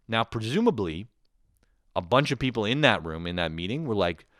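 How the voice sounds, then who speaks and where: Profane, animated man ranting in a dry room. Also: fairly low pitch, normal speed, no room sound. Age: 30s. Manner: profane, exasperated ranting with acted-out quotes. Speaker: podcast host. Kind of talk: comedic rant.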